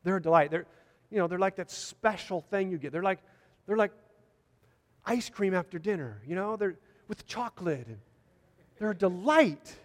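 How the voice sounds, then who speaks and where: A man's voice: sits high, expressive, normal speed, long pauses, in a large hall. A man preaching a sermon, earnest and repeating phrases for emphasis.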